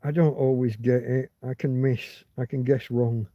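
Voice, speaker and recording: A man's voice: medium pitch, steady tone, moderate pace, no room sound. A man hosting a casual livestream, rambling and digressing as he chats. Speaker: livestream host. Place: outdoors in a field. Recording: dull lo-fi dry sound.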